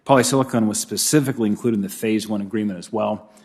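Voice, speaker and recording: A man, a senator, with a somewhat low voice questions a nominee at a formal hearing. He talks briskly, like someone pressed for time. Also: a little mellow.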